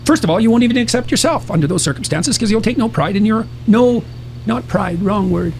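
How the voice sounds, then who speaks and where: High gravelly man, lecturing hard. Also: expressive, a little fast, slight background noise. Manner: lecturing, emphatic, argumentative. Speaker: podcast guest. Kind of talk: podcast conversation.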